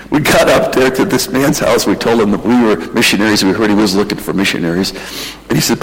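A man preaching, telling a mission story in an emotional, animated way. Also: fairly low pitch, fast, hardly any pauses, long reverb tail, rough recording. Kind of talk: sermon storytelling.

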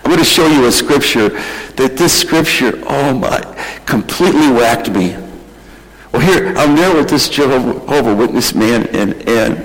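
A man preaching, telling a mission story in an emotional, animated way. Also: medium pitch, unhurried, big-room sound, low-quality recording. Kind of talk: sermon storytelling.

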